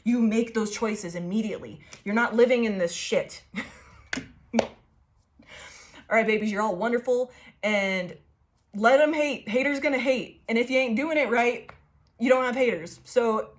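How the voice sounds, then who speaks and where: A woman's voice: fairly high pitch, normal speed, pauses often. A woman giving a casual tarot reading to her viewers, playful and profane, often breaking into laughter. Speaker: tarot reader.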